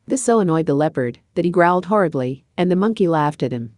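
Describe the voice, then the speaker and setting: A woman reads a children's storybook aloud in an even, measured way. Her voice is low, and the recording is dry and close. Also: no room sound. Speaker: narrator. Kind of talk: scripted storybook narration.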